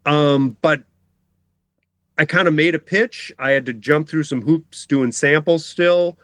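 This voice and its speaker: A man's voice: a little high, measured pace, a bit bright, no room sound. A middle-aged man talking as a cartoonist guest in a casual interview, rambling, often breaking off mid-sentence and laughing. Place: home basement.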